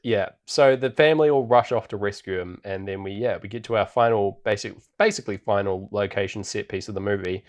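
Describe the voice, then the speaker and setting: Man, podcast co-host, casual chat, fairly low voice, chuckles, filler-heavy. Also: a little fast, few pauses. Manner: chatty recapping with frequent ums and laughs.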